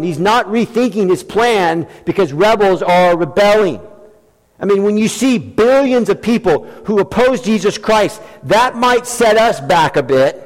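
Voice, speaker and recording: A male pastor preaching a sermon with emphatic delivery, acting out quoted lines in animated voices. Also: high voice. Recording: long hall reverb.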